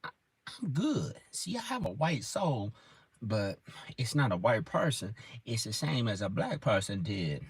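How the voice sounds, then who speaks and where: A man's voice: medium pitch, sing-song, a little slow, husky. A man alone in his car in the woods, rambling through an improvised stand-up monologue in a loose stream-of-consciousness way. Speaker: amateur comedian.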